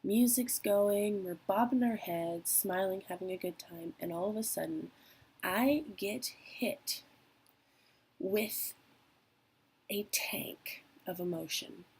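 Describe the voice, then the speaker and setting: Young woman, personal vlog, slow and gravelly, mellow dark tone, candid and emotional. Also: mid-range voice, low-quality recording. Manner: candid, emotional, trailing pauses. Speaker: vlogger.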